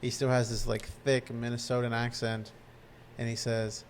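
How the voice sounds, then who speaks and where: A man's voice: mid-range voice, normal speed, creaky, slight background noise. A man co-hosting a podcast, chatting casually and retelling a favorite scene with restarts and fillers. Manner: animated storytelling with restarts. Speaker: podcast co-host. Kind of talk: casual recap chat.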